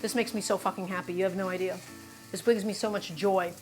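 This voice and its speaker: A woman's voice: mid-range voice, steady tone, quick pace, a little mellow, soft background music. A woman streamer teaching a cooking lesson live, chatty and emphatic, often addressing her chat directly.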